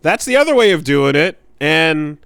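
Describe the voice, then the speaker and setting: A man's voice: on the high side, very animated, normal speed, creaky, a bit bright, smooth, dry recording. A young adult man co-hosting a podcast in casual chat, dry and blunt, swearing freely. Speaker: podcast co-host. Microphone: studio podcast mic.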